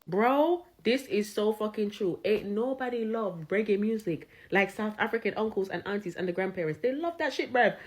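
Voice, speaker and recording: A woman telling an animated, slangy, laughing story in a casual reaction video. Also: medium pitch, moderate pace, hardly any pauses, slight background noise.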